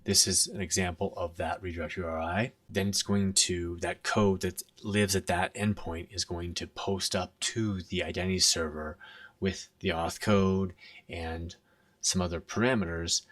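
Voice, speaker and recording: A man's voice: low-pitched, steady tone, moderate pace, fairly bright tone, dry recording, recorded from a distance. A man explaining a technical topic at a conference in a conversational way, often checking in with "right?". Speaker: conference speaker.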